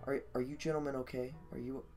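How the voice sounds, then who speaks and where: A man's voice: mid-range voice, completely flat delivery, quick pace, darkish tone, soft background music, lightly acted. A man voicing an earnest, overly polite man who stammers as he checks on everyone.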